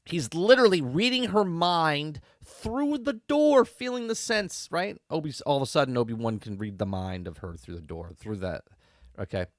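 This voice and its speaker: A man's voice: a little high, animated, normal speed, no echo, studio quality. Rambling, emphatic male podcast host. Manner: rambling and emphatic, keeps asking "okay?" and "right?"; incredulous, mocking tone. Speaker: podcast host reviewing a TV episode. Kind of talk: casual spoken review.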